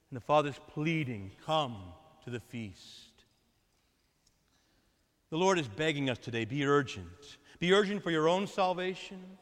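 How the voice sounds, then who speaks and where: A male priest preaching a sermon earnestly, urging his listeners and often dropping to a soft, intense tone. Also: on the high side, long reverb tail. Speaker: Catholic priest.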